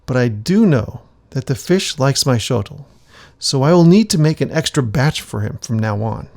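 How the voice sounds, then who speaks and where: A man's voice: mid-range voice, lively intonation, normal speed, creaky, darkish tone. A man doing a solemn proud village shaman. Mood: proclaiming.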